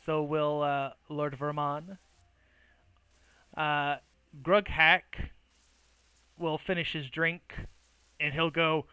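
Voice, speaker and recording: A man narrating a tabletop game as game master, relaxed and full of small hesitations. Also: fairly high pitch, drawn-out words, long pauses, clean tone, dry recording, rough recording.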